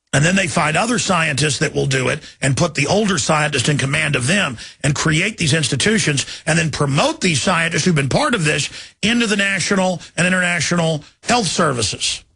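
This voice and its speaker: A male radio host delivering fervent, ranting political commentary that builds to shouted outrage. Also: a little high, vocal fry, slightly rough, no echo, studio quality.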